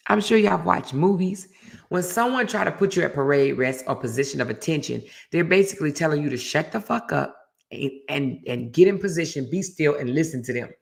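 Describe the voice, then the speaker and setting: A woman hosting a casual chat show, telling a story with animated energy and reading out viewer comments. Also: low-pitched, a little fast, gravelly. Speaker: host.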